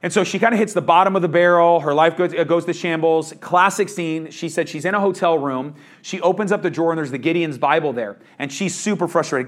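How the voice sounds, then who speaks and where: A man's voice: on the high side, a little fast, hardly any pauses. Casual, conversational preacher man. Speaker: pastor. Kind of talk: verse-by-verse sermon.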